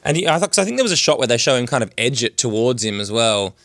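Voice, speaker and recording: A man's voice: medium pitch, quick pace, no echo. A man co-hosting a television recap podcast, talking animatedly and scattering "like" through his sentences. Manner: animated, filler-heavy with "like". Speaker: podcast co-host. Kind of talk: casual podcast chat.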